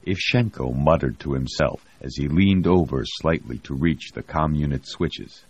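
A man narrating an audiobook in a steady, even way. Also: extremely low pitch, moderate pace, few pauses. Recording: dull lo-fi audio.

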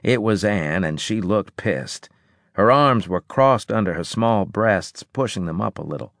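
A man narrating a first-person audiobook chapter in a dry, measured way. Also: fairly low pitch, expressive, vocal fry, fairly bright tone, no echo.

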